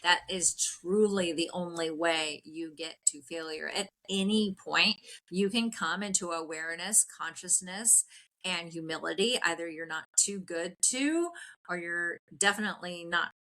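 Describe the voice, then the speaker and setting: Bright emphatic woman guest. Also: on the low side, a little slow. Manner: emphatic, motivational, laughs easily. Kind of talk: interview podcast.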